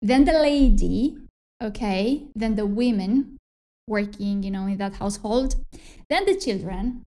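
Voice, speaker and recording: Mellow-voiced woman, chatty English teacher. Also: mid-range voice, animated, measured pace. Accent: Spanish. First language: Spanish. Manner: chatty, laughs often, self-correcting. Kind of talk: casual conversational lesson.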